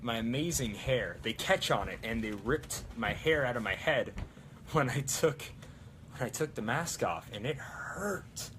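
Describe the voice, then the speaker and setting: A man's voice: medium pitch, expressive, measured pace, fairly bright tone, slight background noise. A young man hosting a prop-building live stream, chatting casually and rambling with plenty of fillers. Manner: rambling, lots of fillers and restarts.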